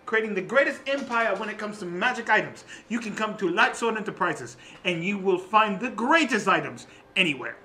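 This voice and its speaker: Brief: man doing a bragging fire genasi shopkeep-inventor, raised pitch, bright, salesman bluster. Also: exaggerated voice. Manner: grandiose salesman pitch, self-praising.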